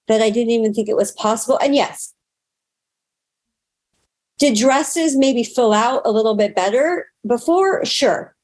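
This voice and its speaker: As a guest in an interview, a thirty-something woman recounts something from her own life with earnest expressiveness, her voice climbing steeply in pitch as she gets excited.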